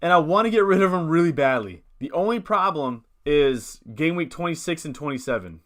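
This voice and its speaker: Hiccuping through a live stream, a young man rambles cheerfully about his fantasy football teams, reading chat and thinking out loud. His voice is a little high with lively intonation, and he talks a little fast.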